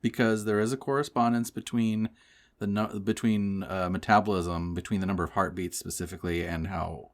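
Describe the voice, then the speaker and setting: Male co-host, very low voice, quick sarcastic humor. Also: steady tone. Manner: joking, sarcastic asides. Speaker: podcast co-host. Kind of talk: casual chat.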